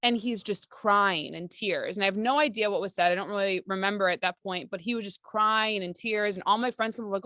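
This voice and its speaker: A woman's voice: medium pitch, a little fast, a bit bright, no echo, studio quality. A woman who is a spiritual coach, telling personal stories in a chatty, rambling, sincere way. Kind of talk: casual personal storytelling to an audience.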